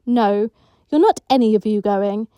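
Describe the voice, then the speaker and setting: A woman voicing a weary, patient woman care worker who speaks calmly and quietly. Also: medium pitch, smooth, no echo, close to an everyday voice. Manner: calm, quiet, measured.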